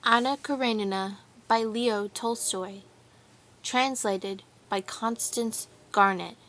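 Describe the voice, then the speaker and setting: Slow, measured woman audiobook narrator. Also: fairly high pitch, a bit bright. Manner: measured, deliberate reading. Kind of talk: scripted narration.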